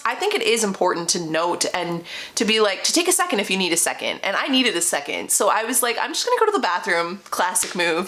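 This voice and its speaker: A young adult woman telling a personal dating story to her viewers. Her talk is casual and animated, full of fillers and quick self-corrections. She sounds like she is chatting with a friend. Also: medium pitch. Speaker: vlogger.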